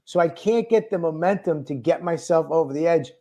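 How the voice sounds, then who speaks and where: A man's voice: a little high, brisk, dark tone, highs cut off. A male comedian telling a self-mocking story in casual, rambling talk with crude language. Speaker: comedian guest.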